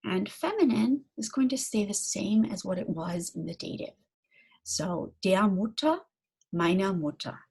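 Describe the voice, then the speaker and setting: Slow, husky-voiced woman teaching German grammar. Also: medium pitch, darkish tone. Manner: slow, deliberate explanations with frequent fillers; reads German examples slowly, then translates. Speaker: German language instructor. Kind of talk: recorded grammar lecture.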